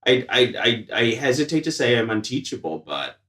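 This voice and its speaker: A man's voice: mid-range voice, sing-song, moderate pace, bright, forceful tone, recorded from a distance. A man co-hosting a casual podcast chat with a dry, self-mocking, jokey manner. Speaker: podcast co-host. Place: indoor room with an audience of one. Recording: echoey room.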